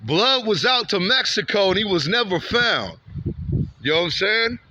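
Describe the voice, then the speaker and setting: A Santa Ana, California man tells a walking-vlog story outdoors on a street in a high voice with big pitch swings, normal speed, and a pushed, bright quality. The lo-fi audio has a little hiss or hum. He rambles repetitively and heatedly, with frequent "man" and "bro" tags.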